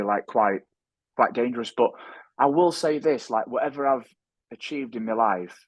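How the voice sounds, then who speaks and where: A man's voice: lowish voice, slightly rough, no echo. A man speaking as a podcast guest and author, talking earnestly and often restarting his sentences. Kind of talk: reflective interview talk.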